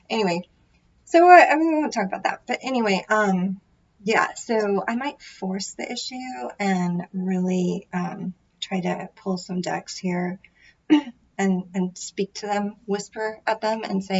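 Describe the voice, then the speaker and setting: A woman's voice: mid-range voice, measured pace, muffled recording. A woman tarot reader in casual chat, rambling and sometimes dropping into a whisper. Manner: rambling, drops into whispers at times.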